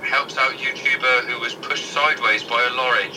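A man's voice: medium pitch, fairly even intonation, moderate pace, a crowd in the background. A man co-hosting casual banter, reading news headlines aloud in an irreverent, sweary way and stumbling over the words. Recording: distant mic with loud background noise.

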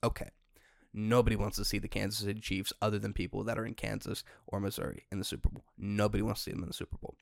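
Young guy podcaster going off on a rant, exasperated, bursts out loud, raspy gravelly voice. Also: on the low side, level tone, quick pace, no room sound, studio quality. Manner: ranting, exasperated, swings into loud outbursts. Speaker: podcast host.

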